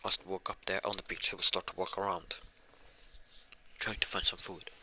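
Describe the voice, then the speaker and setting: Low-voiced guy rambling out a fan story, bright sharp tone, lots of restarts. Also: little pitch movement, fairly quick, a little hiss or hum. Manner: rambling, many restarts and fillers. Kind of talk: improvised fan-fiction retelling.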